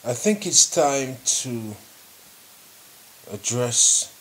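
A man in the middle of the usual pitch range speaks very slowly and deliberately, with long pauses. A faint hiss sits under his voice. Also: sing-song, fairly bright tone. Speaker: video commentator. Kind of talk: slow spoken commentary.

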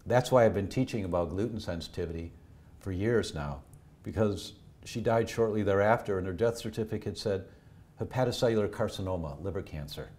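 A middle-aged male doctor with a somewhat low voice tells family stories in a podcast interview. He speaks earnestly, lifting his voice when animated and dropping to a hush at the sad parts. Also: fairly quick. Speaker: doctor and health educator. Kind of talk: emotional personal storytelling in a podcast interview.

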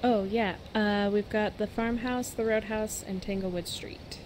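A woman's voice: medium pitch, fairly even intonation, unhurried, noisy background. A woman playing a ghost-hunting game with friends on voice chat, teasing and playful. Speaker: player in a streamed game. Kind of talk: casual gaming voice chat.

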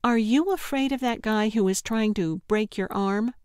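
A woman's voice: a little high, normal speed, a little mellow, smooth, dry recording, studio quality, natural voice. A woman voicing an earnest young female art student who speaks in a direct way, in an audiobook.

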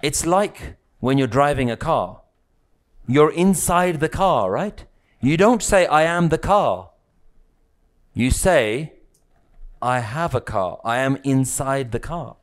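A man teaching a spiritual lesson to a live group, speaking slowly in repeated phrases and asking his listeners rhetorical questions. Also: mid-range voice, animated. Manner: slow, questioning, repetitive phrasing.

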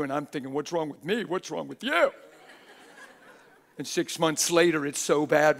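Higher-voiced man preaching conversationally. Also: a bit bright. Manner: conversational preaching with rhetorical questions; acts out quoted voices. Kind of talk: live sermon. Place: church gathering.

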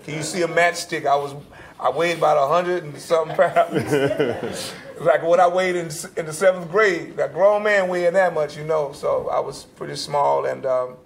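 Older male panelist, gravelly, slightly high, animated storyteller. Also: normal speed. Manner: animated storyteller, acts out quoted dialogue.

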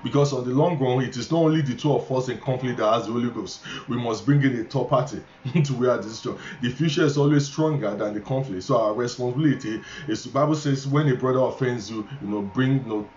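A man's voice: medium pitch, quick pace, hardly any pauses, a little mellow, a little hiss or hum. A male pastor with a Nigerian accent preaching a sermon, repeating key phrases emphatically, with stammering restarts. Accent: Nigerian English. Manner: repetitive, emphatic, stammering restarts, chuckling asides. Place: church hall. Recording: echoey, dull church recording with faint ambience.

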